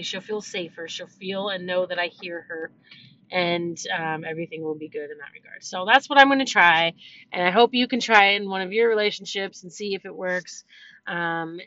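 A middle-aged woman vlogger talks casually and reflectively to her viewers, using lots of fillers and restarts. Her voice is lowish, bright, and forceful. The recording is slightly dull with faint background noise.

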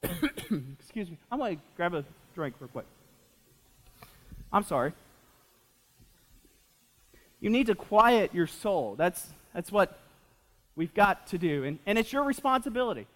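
A young man in his twenties preaches with a high voice, animated and chatty, piling up fillers and joking with his congregation. His sermon rings out in the long reverb of a church hall. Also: unhurried, long pauses. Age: 20s. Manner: animated, repeats himself with fillers, jokes with the audience. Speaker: pastor.

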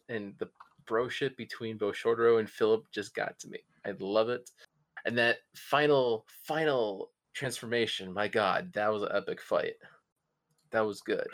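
Low gravelly male co-host, gushing, swears a lot. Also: fairly bright tone. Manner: gushing, swears, halting restarts. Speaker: podcast co-host. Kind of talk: casual excited review chat.

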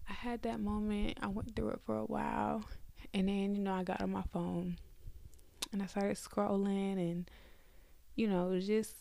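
A woman's voice: mid-range voice, gravelly, warm tone, dry recording. A young woman hosting a faith podcast, talking candidly and conversationally to her listeners from her bed at home. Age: young adult. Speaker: podcast host.

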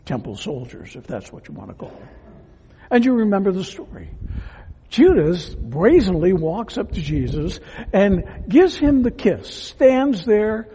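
A man preaching a sermon as a pastor, earnest and emphatic, at times dropping to a hush. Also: high voice, sing-song, unhurried, long reverb tail, slight background noise. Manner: earnest, emphatic preaching that drops to hushed tones.

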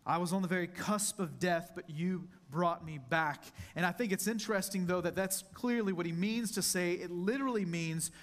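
High-voiced male pastor preaching earnestly. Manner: earnest, intimate preaching, drawn-out emphasis on scripture; addresses the congregation directly as "church". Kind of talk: sermon.

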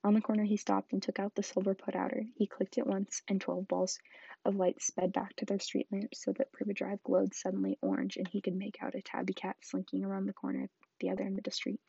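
Soft-spoken woman reading a storybook aloud. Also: medium pitch, completely flat delivery, a little fast, vocal fry, slightly rough, no room sound, lo-fi sound. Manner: soft, often whispered reading. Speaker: book reader.

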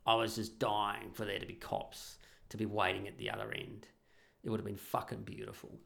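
Middle-aged male storyteller; gravelly, emphatic, sweary, blunt casual delivery. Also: on the low side, level tone, fairly quick, fairly bright tone. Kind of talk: casual anecdote to an audience.

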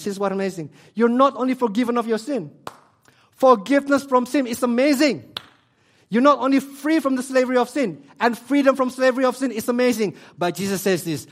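Man preaching with sweeping loud-to-hushed swings. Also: sits high. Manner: emphatic repetition, non-native grammar slips. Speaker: pastor. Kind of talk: sermon.

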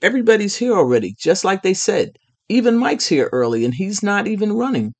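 Excited boy runner, high and quick, as a male storyteller puts him on. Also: exaggerated voice. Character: excited young boy on a track team.

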